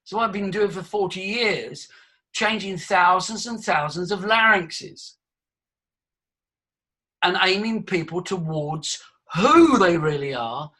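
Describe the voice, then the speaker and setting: Older male voice coach addressing a crowd: high, bright, sharp delivery, theatrical. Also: expressive, slow pace, pauses often. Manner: exuberant, theatrical, swings between loud and soft. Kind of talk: talk to a live audience.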